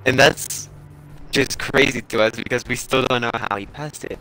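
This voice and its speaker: A man's voice: mid-range voice, fairly even intonation, normal speed, pushed and bright, soft background music, rough recording. A young man casually telling a long story on a live stream, rambling along with lots of filler "like"s. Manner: rambling, with many filler likes and chuckles.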